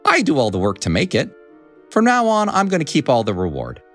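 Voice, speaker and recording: A man reading a storybook, voicing a fussy, hardworking mother hen in a high, emphatic voice. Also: huge pitch swings, brisk, faint music behind. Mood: chirpy.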